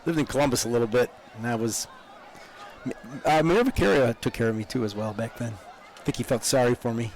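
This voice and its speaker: A man's voice: mid-range voice, fairly quick, background noise. Chatty older man co-hosting a parade. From upstate New York. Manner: chatty, rambling, laughs often. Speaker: parade co-host. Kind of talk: live parade commentary. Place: outdoors at a street parade.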